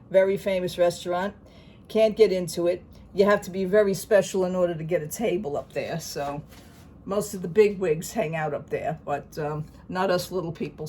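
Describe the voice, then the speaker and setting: A woman's voice: lowish voice, a little mellow, a little hiss or hum. Chatty New woman telling a story. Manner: chatty storyteller, acts out dialogue, laughs often. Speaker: vlogger. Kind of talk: casual chat to camera.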